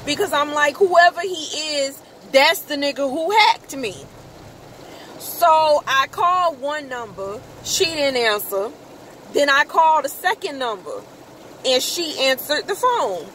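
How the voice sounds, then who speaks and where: Woman, high voice, slow delivery, swearing her way through a dramatic personal story, faint car hum behind. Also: low-quality recording. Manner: animated, profane, exclaims in quoted outbursts. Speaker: vlogger. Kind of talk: casual storytelling.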